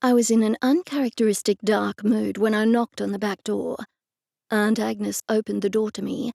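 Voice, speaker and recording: Gravelly, dry-voiced woman narrating. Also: mid-range voice, fairly even intonation, moderate pace, warm tone, dry recording. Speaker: audiobook narrator. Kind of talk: scripted first-person narration.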